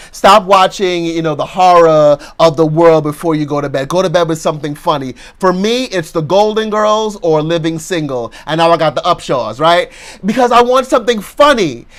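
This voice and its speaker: High-voiced man preaching affirmations. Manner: leads call-and-response affirmations, rising and slowing on them; conversational, chatty asides. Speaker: pastor. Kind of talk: motivational sermon with affirmations.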